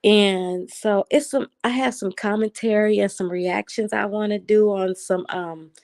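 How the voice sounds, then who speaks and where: A woman chatting casually on a late-night livestream, reading and answering viewer comments, with a voice that always sounds excited. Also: medium pitch, measured pace. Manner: naturally excited-sounding, animated voice.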